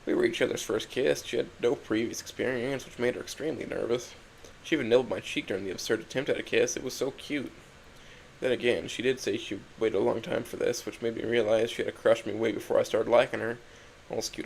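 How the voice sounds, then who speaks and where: A young man reading a first-person story aloud in a quiet, introspective, halting way. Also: medium pitch, creaky, a little hiss or hum, rough recording. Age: young adult. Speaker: narrator.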